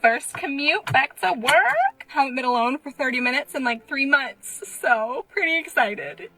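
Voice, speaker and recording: A woman's voice: high-pitched, expressive, a little slow, pushed and bright. A woman, a mom, talking to herself in a wry, chatty, self-deprecating comedy monologue.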